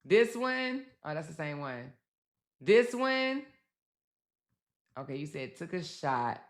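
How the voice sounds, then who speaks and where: A woman's voice: sits low, slow. A woman host commenting on live stream clips, talking animatedly to her viewers. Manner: animated, talks back to viewers.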